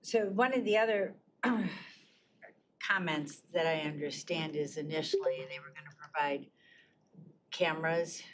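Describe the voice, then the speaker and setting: A low-pitched woman commissioner puts polite but skeptical questions to staff. Her questions probe for details. Steady noise sits under the public meeting-room recording. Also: a little slow. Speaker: county commissioner.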